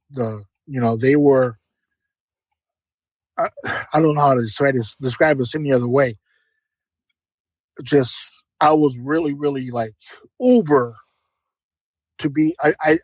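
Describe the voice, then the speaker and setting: A man's voice: medium pitch, no room sound, low-quality recording. A middle-aged man giving an emotional, earnest personal testimony as a podcast guest, often repeating words.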